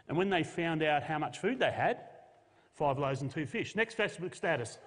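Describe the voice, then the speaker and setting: A man's voice: on the high side, lively intonation, moderate pace. A man, a pastor preaching a sermon and telling a Bible story with jokey modern asides. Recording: long hall reverb.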